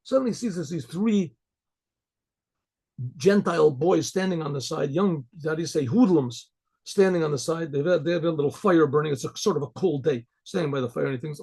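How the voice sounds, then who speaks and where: A man's voice: on the high side, a little fast, warm tone, slightly rough. A male rabbi telling a folk story in a loose, conversational way, restarting his sentences often.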